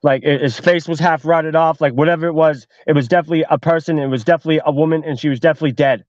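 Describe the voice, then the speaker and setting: A man's voice: on the high side, fairly even intonation, racing, a little mellow, no echo, muffled recording, pitched below the performer's own voice, natural voice. A man doing a scared young woman. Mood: shaken.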